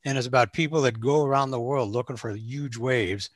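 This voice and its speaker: A man's voice: mid-range voice, brisk, dry recording. Man telling a story in casual chat.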